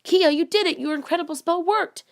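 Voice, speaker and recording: A woman voicing an excited, bossy girl who speaks emphatically, a little higher than her narration. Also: a little fast. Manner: emphatic, exclaiming.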